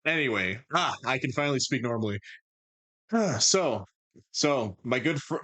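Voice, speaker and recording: A male streamer chatting live. He is excitable and teasing, with quick, stammered restarts and frequent laughs. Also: fairly low pitch. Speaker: streamer host.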